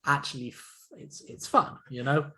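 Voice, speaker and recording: A man co-hosting a horror film podcast in casual, rambling chat, often laughing and filling pauses with "you know" and "like". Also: medium pitch, steady tone, pushed and bright, low-quality recording. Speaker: podcast co-host.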